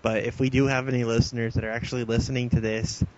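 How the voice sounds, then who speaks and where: A man's voice: mid-range voice, little pitch movement, fast, darkish tone. A man chats easily on a homemade podcast, often laughing at his own jokes. His voice sounds muffled and lo-fi, with a faint hiss behind it. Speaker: podcast co-host. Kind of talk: casual chat. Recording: dull lo-fi sound, faint noise.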